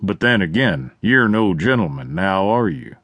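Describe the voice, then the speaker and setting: A man voicing a cocky, smirking male outlaw gambler in a western audiobook, speaking in a low drawl. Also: sing-song, normal speed, a bit bright, husky, dry recording, heavily acted. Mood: smug taunting.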